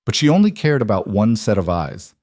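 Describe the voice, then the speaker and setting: A man narrating a romantic drama story in a measured, dramatic scripted reading. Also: fairly low pitch, very animated, darkish tone, dry recording, clean studio sound.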